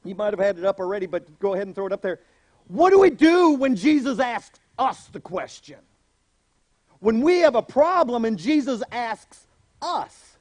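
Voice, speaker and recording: A man pastor preaching a sermon, animated, acting out voices in the story he tells. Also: very high voice, moderate pace, no room sound.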